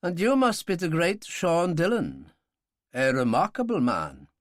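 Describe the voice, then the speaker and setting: A suave, menacing baron with a deep, pleasant voice and a faint German accent, put on by a male audiobook reader. The lines move lively up and down, cool and courteous. The recording is dry and close. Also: unhurried, no echo. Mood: smooth menace.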